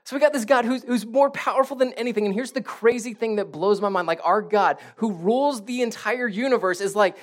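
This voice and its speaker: Youngish guy pastor preaching, chatty and animated, gets quiet then loud again. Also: extremely high pitch, brisk. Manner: conversational and animated, with rising intensity and hushed moments. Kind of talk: sermon.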